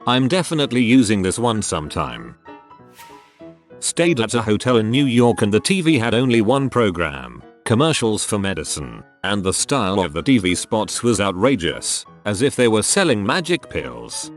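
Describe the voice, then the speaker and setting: A man reads stories aloud in a steady, scripted manner. His voice sits low but swings widely in pitch from line to line. Faint music plays quietly behind him. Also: moderate pace. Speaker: narrator. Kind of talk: scripted narration of reader stories.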